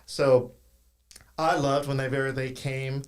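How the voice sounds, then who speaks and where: A man from South Louisiana with a light Cajun accent, hosting a podcast and chatting casually in an animated, storytelling way. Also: mid-range voice, slow pace. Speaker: podcast host. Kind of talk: casual interview chat.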